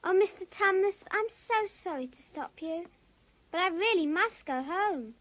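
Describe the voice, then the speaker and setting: A woman's voice: very high voice, lively intonation, measured pace, a bit bright, exaggerated voice. A woman voicing Lucy, a polite, earnest young girl. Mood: earnest, pleading. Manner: earnest, pleading, well-mannered.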